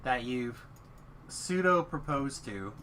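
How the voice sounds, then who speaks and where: A man's voice: medium pitch, animated, takes it slowly, pushed and bright, slight background noise. A man in casual chat, teasing his friend with dry banter.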